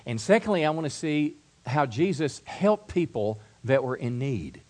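A middle-aged man preaching a sermon, stumbling and repeating words, swinging from soft asides to loud build-ups. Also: mid-range voice, very animated, moderate pace. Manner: repeats words and restarts, acts out quoted voices. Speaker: pastor.

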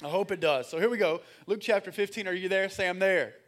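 A man preaching a sermon as pastor, energetic, calling on the congregation to answer and reading scripture aloud with frequent fillers. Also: high voice, quick pace. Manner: energetic, calls for congregation responses.

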